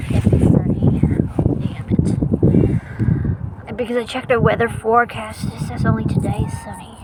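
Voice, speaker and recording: A woman vlogging casually outdoors on a cold beach, gushing with excited exclamations as she explores. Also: fairly high pitch, normal speed, long pauses. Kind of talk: casual vlog commentary. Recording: loud wind noise outdoors.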